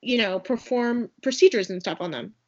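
A woman's voice: medium pitch, normal speed, darkish tone. A woman co-hosting a podcast, recapping a movie in casual chat, rambling with many fillers and asides. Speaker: podcast co-host. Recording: dull lo-fi sound.

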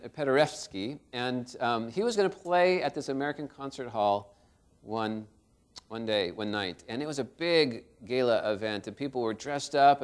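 A man preaching a sermon as pastor, telling a story and swinging between loud and soft. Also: medium pitch, clean tone.

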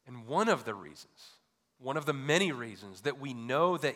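Speaking at normal speed with a sing-song lilt, a male pastor preaches, asking rhetorical questions again and again. His volume swings from loud emphatic peaks to quiet low drops, and the recording has long hall reverb.

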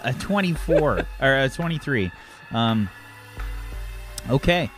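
A man's voice: medium pitch, expressive, slow, faint music behind. Man running a sci-fi tabletop game. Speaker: game master.

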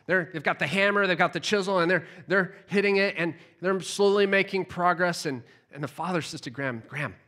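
Pastor guy telling a sermon story, animated, bright sharp voice, kinda high. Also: a little fast, hardly any pauses. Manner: animated storytelling, repeats words as he restarts.

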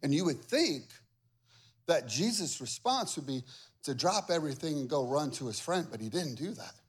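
A male pastor preaching a sermon, animated and conversational, with humor and acted-out quotes. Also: a little high, moderate pace, slightly rough. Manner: acts out quoted voices with big swings in loudness.

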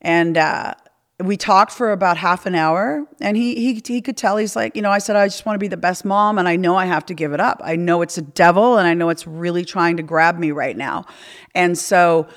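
A woman's voice: on the low side, a little fast. Blunt, profane woman host. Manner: rambling with restarts and quoted dialogue. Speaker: podcast host. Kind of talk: candid conversational storytelling.

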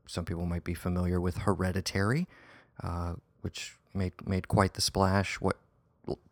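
A man's voice: deep voice, level tone, moderate pace, no echo, clean studio sound. A man hosting a casual film review podcast, talking in a rambling, hesitant way with many false starts. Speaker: podcast host.

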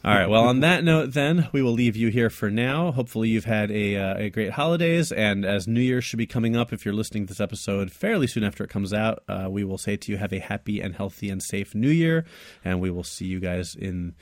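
Jokey male podcast co-host, lowish voice. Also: expressive, fairly quick, no echo. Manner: jokey, laughs often. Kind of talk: casual podcast chat.

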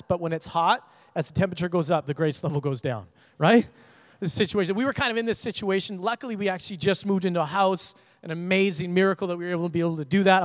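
A young man preaching a sermon. He tells funny family stories with lively energy, then turns quieter and earnest. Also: high-pitched. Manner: animated storyteller, quieter and earnest when preaching. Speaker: pastor. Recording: echoey hall.

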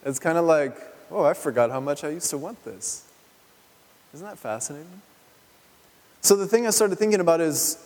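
Male pastor, slightly high voice, chatty sermon style full of rhetorical questions, long church-hall reverb. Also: a little mellow. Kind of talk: conversational sermon.

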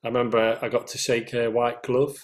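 As an interview guest, a singer with a Northern English accent casually shares anecdotes and laughs at his own stories. He speaks briskly in a mid-range voice with a flat delivery.

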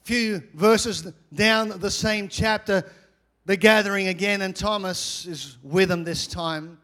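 High-voiced man preaching with energy. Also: slow pace. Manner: energetic preaching with repeated phrases, swings from loud to quiet. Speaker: pastor. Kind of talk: sermon.

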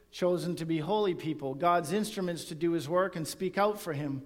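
High-voiced man preaching in a reverberant church. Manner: earnest preaching, reads scripture aloud. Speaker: pastor. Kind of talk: sermon.

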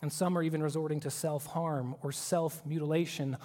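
A man preaching a sermon, earnest and emphatic, at times dropping to a hushed tone. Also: fairly high pitch, steady tone, brisk, in a large hall. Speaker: pastor.

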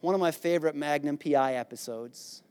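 A man preaching a sermon, retelling a scripture story in a playful, animated way and acting out the characters. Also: fairly high pitch, brisk, clean tone. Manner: animated storytelling, acts out disciples with a raised voice; playful, jokes with the congregation. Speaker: pastor.

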